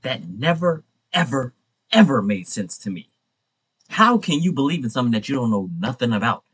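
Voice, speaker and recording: A man hosting a reaction video, talking in a casual, slangy, animated way. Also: medium pitch, normal speed, slightly rough. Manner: animated, slangy, laughing often.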